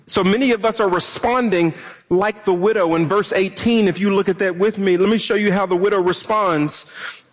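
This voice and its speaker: A man's voice: high voice, fairly even intonation, normal speed. A young man preaching a sermon, impassioned, at times acting out frustrated pleas to God. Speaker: pastor. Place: church sanctuary. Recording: long reverb of a large hall.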